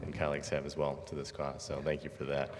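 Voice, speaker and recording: A man moderating an interview in front of an audience, asking measured, supportive questions. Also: very deep voice, completely flat delivery, noisy background. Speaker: event host and moderator. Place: lecture hall with audience. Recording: echoey hall.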